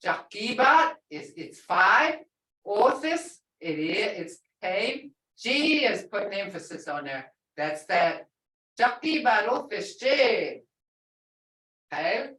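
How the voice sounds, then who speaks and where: A woman's voice: mid-range voice, big pitch swings, takes it slowly, fairly bright tone. A woman language teacher in a classroom lesson, explaining words patiently and repeating phrases. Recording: echoey room, voice from far off.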